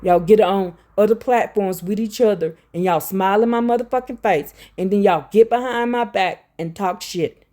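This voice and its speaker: A woman's voice: medium pitch, normal speed, dark tone. A woman giving a rambling, emphatic religious monologue to her viewers. She repeats herself and turns confrontational. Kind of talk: direct-to-camera religious monologue.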